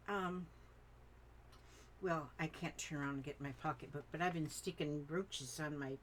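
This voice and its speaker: A woman's voice: on the low side, a little hiss or hum. Older woman chatting through viewer comments. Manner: chatty, rambling asides. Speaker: craft channel host. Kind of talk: reading viewer comments aloud.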